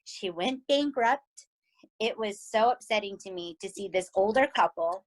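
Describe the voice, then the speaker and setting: A woman with a Southern US accent, co-hosting a podcast and recapping a TV series in animated, emphatic casual chat. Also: medium pitch, moderate pace, low-quality recording. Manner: animated and emphatic, often asking "right?". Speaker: podcast co-host.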